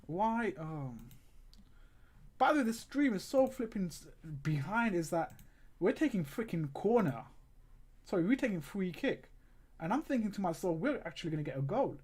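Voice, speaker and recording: A man's voice: sits high, big pitch swings, normal speed, long pauses, darkish tone, breathy edge. Exasperated man ranting over a match. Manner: talks to chat viewers directly. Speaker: livestream host. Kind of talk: live football watchalong commentary.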